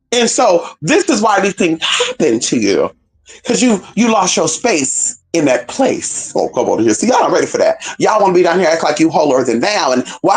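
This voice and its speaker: Brief: fiery profane preacher on a stream, wildly swinging pitch, shouted call-outs. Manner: call-and-response exclamations, heavy cursing, swoops between high cries and low asides; reads scripture slowly and drawn out. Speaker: spiritual teacher streaming a talk.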